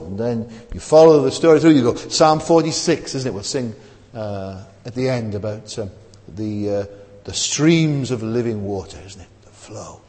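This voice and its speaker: A man's voice: medium pitch, a little mellow. A middle-aged man preaching a sermon in a chapel, talking in a conversational way and often asking "isn't it?". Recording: long hall reverb.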